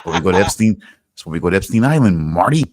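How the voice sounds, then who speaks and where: A man's voice: deep voice, expressive, fast talker. A man voicing a cranky older cartoon scientist who badgers his sidekick in a drawl. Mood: badgering.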